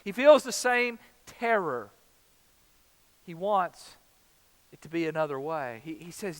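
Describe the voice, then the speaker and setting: A man's voice: sits high, lively intonation, normal speed, a bit bright, big-room sound. A man preaching a sermon as pastor, in a casual, conversational way, raising his voice when he acts out quotes. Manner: conversational preaching, dramatizes quotes with rising emphasis.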